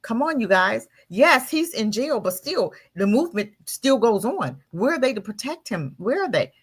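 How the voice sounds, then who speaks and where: A woman's voice: fairly high pitch, sing-song, moderate pace, breathy edge. A woman guest on a talk show, speaking with fiery, preaching energy and firing off rhetorical questions. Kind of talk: impassioned commentary.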